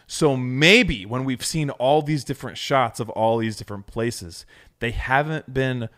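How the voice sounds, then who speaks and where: A man co-hosting a casual podcast chat, talking enthusiastically and rambling with lots of fillers. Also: lowish voice. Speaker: podcast co-host.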